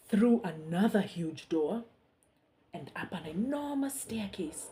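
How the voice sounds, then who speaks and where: A woman reading a story aloud to young children, soft and hushed, pausing to ask the listeners questions. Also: mid-range voice, slight background noise.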